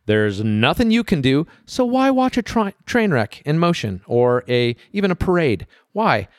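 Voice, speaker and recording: A man co-hosting a podcast in casual chat, animated and playful, talking fast after his first caffeine. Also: on the high side, no room sound, clean studio sound. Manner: animated, playful, jokes around. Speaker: podcast co-host.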